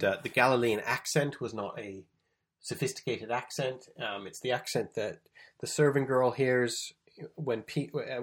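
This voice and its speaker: A man's voice: medium pitch, slightly rough. A man teaching from the Gospels, explaining the text and reading passages aloud with emphasis. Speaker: preacher. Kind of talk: bible teaching talk.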